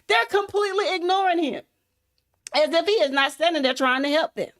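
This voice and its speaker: High-voiced woman telling a folksy story. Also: fairly quick, fairly bright tone. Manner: folksy, addresses listeners as y'all. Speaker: content creator, motivational speaker. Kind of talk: motivational storytelling.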